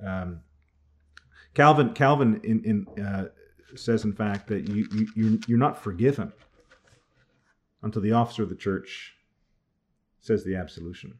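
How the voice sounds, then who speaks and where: A man's voice: fairly low pitch, unhurried, pauses often, darkish tone, lo-fi sound. Man teaching a church class. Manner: thinks aloud with frequent restarts. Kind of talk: conversational class lecture.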